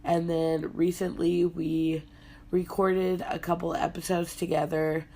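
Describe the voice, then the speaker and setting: Young woman, sick and congested, hoarse, very low gravelly voice, slow laid-back podcast chat. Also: flat delivery, mellow. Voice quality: hoarse, husky from illness. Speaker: podcast host. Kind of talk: casual solo podcast chat.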